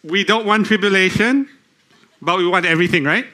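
A man delivering a church sermon in a slightly high voice. He talks to the congregation with questions and halting restarts. He reads scripture aloud slowly. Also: sharp tone. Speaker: lay preacher.

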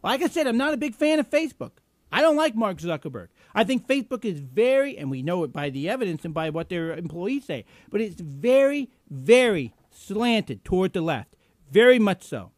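A man's voice: high-pitched, very animated, moderate pace, no echo. A man hosting a live political internet show, ranting with sarcastic, combative indignation and plenty of fillers. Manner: many fillers and restarts. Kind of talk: political commentary rant.

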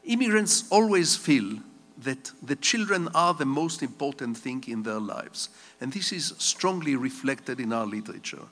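An older man delivers a public lecture from the stage of a large hall. He wanders into anecdotes and dry jokes, and his medium-pitched voice carries a long reverb through the room. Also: expressive, moderate pace, fairly bright tone. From Israel. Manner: digressive storyteller with wry humor. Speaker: guest lecturer.

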